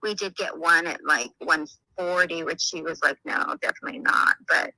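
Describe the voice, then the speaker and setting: A woman's voice: fairly low pitch, moderate pace, sharp tone, no echo, low-quality recording. A woman agent describing a property, hesitant and easygoing, with many fillers. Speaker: listing agent. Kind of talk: phone conversation.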